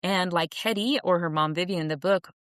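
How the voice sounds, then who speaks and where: A woman with a fairly low voice talks through ideas on a podcast, earnest and reflective, often restarting her sentences. The sound is dry and close, with no room around it. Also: fairly quick, no echo. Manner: earnest and reflective, many restarts, laughs easily. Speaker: podcast guest, author and coach. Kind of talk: casual interview conversation.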